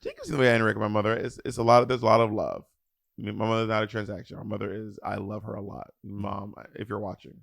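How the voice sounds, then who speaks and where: A man's voice: flat delivery, very fast, vocal fry, no room sound, studio quality. A man in his thirties from Atlanta, co-hosting a podcast in casual, playful chat. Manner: playful, acts out his mother in a high voice. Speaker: podcast co-host.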